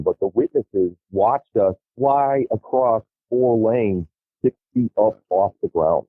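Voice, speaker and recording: A middle-aged man telling wild stories as a podcast guest, animated and profane, laughing as he goes. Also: lowish voice, takes it slowly, no room sound. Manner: lively, profane, laughs through his stories. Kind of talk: animated storytelling. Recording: tinny phone-like line.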